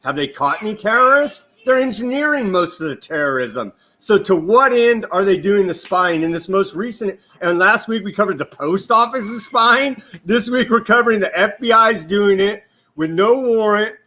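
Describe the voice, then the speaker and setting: Man, guest commentator, indignant, forceful, rhetorical, rather high voice. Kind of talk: political commentary.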